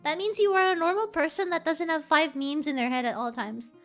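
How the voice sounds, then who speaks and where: Super high-pitched young woman streamer just rambling to chat, lots of likes and giggles, quiet music in the back. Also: a little fast. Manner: rambling, filler-heavy, giggly. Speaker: VTuber streamer. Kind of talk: casual chat with livestream viewers. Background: faint background music.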